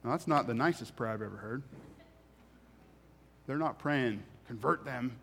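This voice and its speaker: A man delivers a sermon, reading passages of scripture and then talking them through in a relaxed, everyday way. He drives points home by repeating phrases. His mid-range voice carries a long reverb, as in a large hall. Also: mid-range voice, normal speed, slight background noise. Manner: reads scripture then explains it conversationally, with emphatic repetition. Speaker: preacher.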